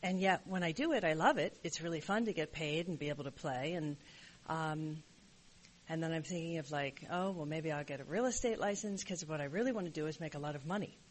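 A woman's voice: deep voice, a little fast, slight background noise. Nervous woman rambling through a share. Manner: rambling, candid and self-questioning. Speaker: member sharing at a recovery meeting. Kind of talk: personal share at a support meeting.

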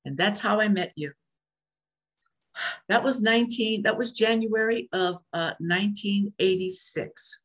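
A woman's voice: medium pitch, unhurried. Candid older woman sharing her recovery. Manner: candid, repetitive refrains. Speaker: speaker at a recovery meeting. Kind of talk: personal recovery share. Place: video call from home. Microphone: video call.

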